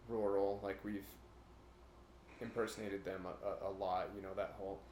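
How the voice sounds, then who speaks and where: Low-voiced man rambling in an echoey room. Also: flat delivery, normal speed, a little mellow. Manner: rambling, jumps into brief imitation voices. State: a bit nervous about recording. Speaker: podcast co-host. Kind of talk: casual chat.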